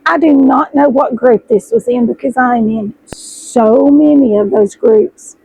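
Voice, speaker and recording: A middle-aged woman, chatting excitedly to her viewers as she unboxes fabric, her voice hoarse and froggy. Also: high-pitched, a little slow, rough recording. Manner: chatty, gushing, addresses viewers as y'all. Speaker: sewing vlogger host. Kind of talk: casual chat while unboxing fabric.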